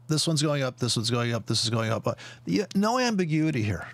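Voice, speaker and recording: A man's voice: medium pitch, sing-song, fast talker, vocal fry, hardly any pauses, no echo. A man giving rambling, profane and sarcastic commentary on market charts while sharing his screen, wandering off on tangents and mocking other traders.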